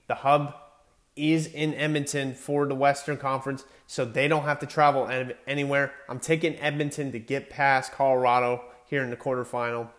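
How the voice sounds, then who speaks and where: A man's voice: mid-range voice, little pitch movement, normal speed, fairly bright tone. A young man talking casually through his hockey playoff predictions, chatty and correcting himself as he stumbles over player names. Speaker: sports commentator.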